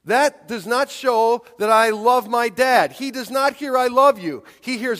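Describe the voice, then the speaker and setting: High-voiced preacher in an echoing hall. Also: male voice, a little slow, hardly any pauses. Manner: emphatic, rising to near-shouts on key points. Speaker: pastor. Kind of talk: sermon. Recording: long hall reverb.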